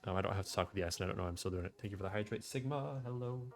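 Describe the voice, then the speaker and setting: A young man talks to his live-stream chat from home, his voice sitting a little low. He is loose and profane, drifting between replies to viewers and long hardware explanations. Quiet music plays faintly behind him. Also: racing, vocal fry. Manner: loose, swearing, rambling tech explanations. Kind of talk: casual live-stream chat, reading chat aloud. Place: home room.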